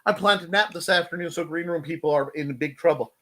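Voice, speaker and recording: A man's voice: on the high side, fast talker, fairly bright tone. A man hosting a casual live chat show, playful and jokey, often breaking into silly voices. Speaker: host.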